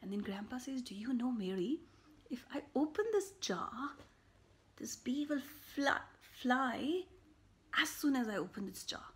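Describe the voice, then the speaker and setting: A woman telling a children's picture-book story in an unhurried, lilting voice that sits a little high. She animates the tale with buzzing and animal noises and slips into hushed whispers now and then. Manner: slow and animated, with sound effects and soft whispered asides. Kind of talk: children's story read-aloud.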